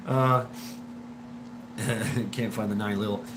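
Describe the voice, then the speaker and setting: Speaking very slowly in a low-ish, sing-song voice, a man hosts a casual livestream with background noise. His wheezy smoker's voice rambles and stammers, full of swearing, as he replies to viewer comments.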